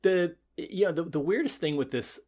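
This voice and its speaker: A man in his twenties co-hosting a podcast, chatting casually with halting restarts and a reassuring tone as he tells stories. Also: fairly high pitch, a little mellow. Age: 20s. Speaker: podcast co-host. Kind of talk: casual chat.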